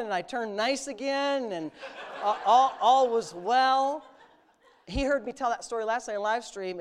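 A middle-aged male preacher who tells a personal story in an easy, conversational way before building into bold, forceful exhortation. His voice sits at an ordinary pitch for a man and climbs to loud, emphatic peaks as he drives his points home. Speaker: pastor. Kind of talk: sermon.

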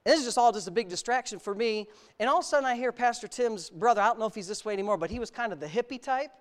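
In a high, racing voice, a male American pastor gives a candid personal testimony during a sermon. He blends self-mocking humor with serious storytelling.

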